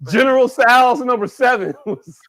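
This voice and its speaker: A high-voiced man cracking jokes and swearing through a loose podcast chat, his delivery bouncing and excitable. He sounds a bit tipsy as he keeps breaking into laughter. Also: normal speed. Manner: profane, animated, laughs a lot, repeats "hey, look". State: a bit drunk. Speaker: podcast co-host. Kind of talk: casual comedic chat.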